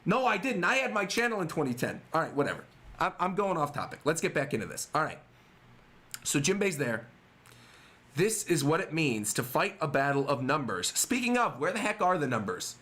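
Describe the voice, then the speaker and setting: A man's voice: a little high, fairly quick. A man doing a casual livestream reaction to a manga chapter, reading panels aloud and chatting with his viewers. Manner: animated, reads panels aloud and chats to viewers. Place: temporary room away from home. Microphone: webcam setup.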